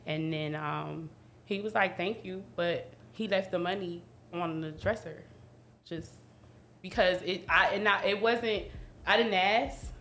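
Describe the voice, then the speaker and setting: A woman's voice: on the low side, unhurried, fairly bright tone, reverberant, slight background noise. A woman guest on a podcast, talking candidly in casual chat with frequent restarts. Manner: candid, talks in bursts with restarts. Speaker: guest, business owner.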